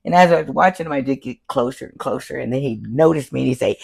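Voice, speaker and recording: Older lady with a gravelly voice, tattoo artist spinning stories, laughs a lot, does the voices. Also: a bass voice, fast, hardly any pauses. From Florida. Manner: animated, laughs often, acts out quoted voices. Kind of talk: casual storytelling interview.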